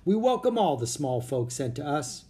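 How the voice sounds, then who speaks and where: A man's voice: fairly high pitch, big pitch swings, normal speed, dark tone, voice pushed up. A man reading a storybook and voicing a friendly colonial governor who speaks in a courtly, old-fashioned way. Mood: warm.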